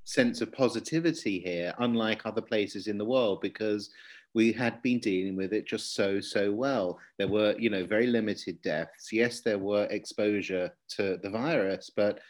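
A man's voice: lowish voice, darkish tone. A man hosting a casual interview chat in an amused, teasing way.

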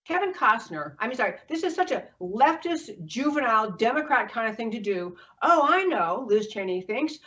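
A woman's voice: mid-range voice, a bit bright. An opinionated woman hosts a solo political talk show. Her scornful commentary slips into mocking impressions. She sounds a little distant from the mic, and the recording is dull and muffled.

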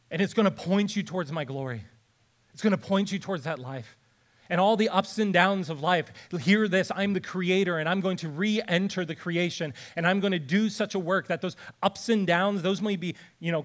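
Man preaching a lively sermon. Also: high voice. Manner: shifts between lively explanation and soft, hushed reading. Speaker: pastor.

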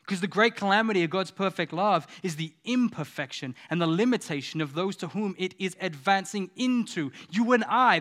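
A man who is a pastor, preaching a sermon with passion and moving between hushed, tender lines and rousing, louder ones. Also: sits high. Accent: Australian.

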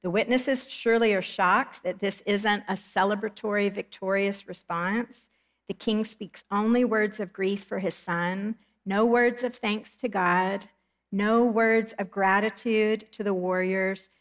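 A middle-aged woman giving a Bible study lesson in an earnest, measured way, reading scripture aloud and explaining it. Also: medium pitch. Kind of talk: Bible teaching lecture.

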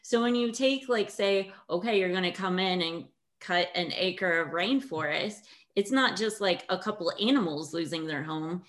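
A woman's voice: fairly low pitch, moderate pace, fairly bright tone. A woman hosting a casual interview over coffee, friendly and chatty, with lots of "like" and "sort of.". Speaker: interview host.

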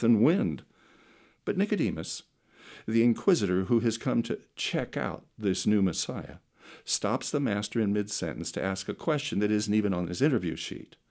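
A middle-aged man preaching a sermon through slow, dramatic storytelling that swings between loud and soft. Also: fairly low pitch, gravelly. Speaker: pastor.

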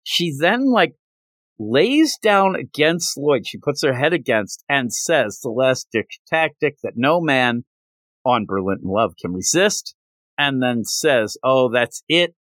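A man hosting a podcast, retelling a manga chapter in a loose, rambling way with plenty of fillers. His voice is animated and jumps around in pitch. The recording is dry and close, with no room echo. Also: slow pace. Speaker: podcast host. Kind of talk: casual manga recap.

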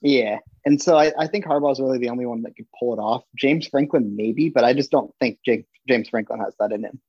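A man's voice: medium pitch, fairly quick, breathy edge, no echo, lo-fi sound. A man co-hosting a casual sports podcast, mostly giving short agreeing replies. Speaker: podcast co-host.

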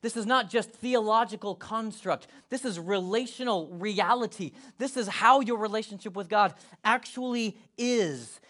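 A man with a fairly high voice preaches in a relaxed, conversational way. He mixes jokes and teasing with emphatic encouragement. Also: normal speed, hardly any pauses. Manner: playful, joking, emphatic. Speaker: pastor. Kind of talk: casual sermon.

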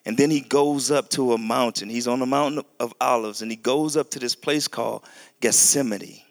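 A preaching pastor reads the scripture unhurriedly and deliberately. Without warning he shifts into animated flare-ups that go high and loud.

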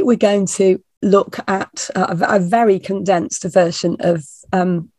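A woman minister, hoarse and croaky from a summer cold, chatting informally as she opens a service. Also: mid-range voice, dark tone, dry recording. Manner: chatty and reassuring, with ums. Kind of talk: informal sermon introduction.

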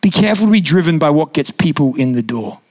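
A young man preaching a sermon in a church, telling stories in a lively, conversational way with casual fillers. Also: a little high, fast talker. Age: young adult. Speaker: pastor. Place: church auditorium.

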